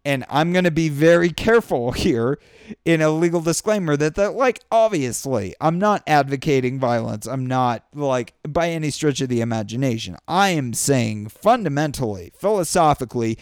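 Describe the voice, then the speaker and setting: Fired-up, sweary high-voiced man ranting. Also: expressive, normal speed, clear, resonant tone, dry recording, studio quality. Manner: angry, sweary, ranting with bursts of shouting. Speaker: vlogger. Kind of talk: profane political rant. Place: indoors during a thunderstorm.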